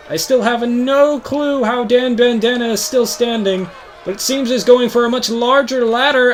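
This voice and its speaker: A young man hosting a video game show, giving mock wrestling play-by-play in a hyped announcer voice that climbs to shouts on big moves. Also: extremely high pitch. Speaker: host.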